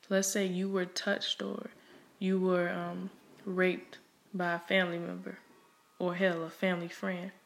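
A woman's voice: lowish voice, completely flat delivery, measured pace, gravelly. A young woman talking frankly to the camera in a personal monologue, emphatic and conversational, with plenty of cursing, fillers and restarts.

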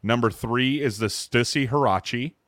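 A man hosting a casual sneaker podcast, swearing freely, restarting sentences and breaking into loud mock outrage. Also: mid-range voice, normal speed, dry recording, clean studio sound. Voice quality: profane, restarts often. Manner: excitable, loud outbursts when mock-outraged. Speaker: podcast host.

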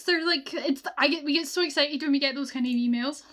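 A woman's voice: sits high, fast, a bit bright. A young Scottish woman co-hosting a podcast, chatting casually and laughing often. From Scotland. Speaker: podcast co-host. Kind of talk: casual chat.

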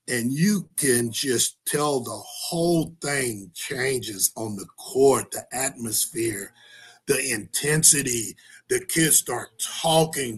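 Male coach guest, raspy mid-pitch voice, rambling folksy storyteller. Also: a bit bright. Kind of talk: casual chat.

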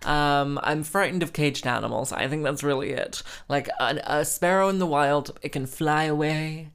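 A man's voice: on the high side, moderate pace, a bit bright, clean tone. A man hosting a solo podcast, telling stories in a rambling, self-mocking way, full of fillers and dramatic asides. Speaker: podcast host. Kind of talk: solo casual storytelling chat.

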